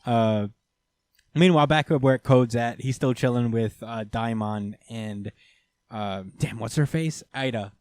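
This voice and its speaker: This man speaks at a measured pace in a medium-pitched voice that's smooth and a little mellow, with no room sound. He's a podcast co-host giving a loose, filler-heavy, rambling retelling of an anime episode in casual chat.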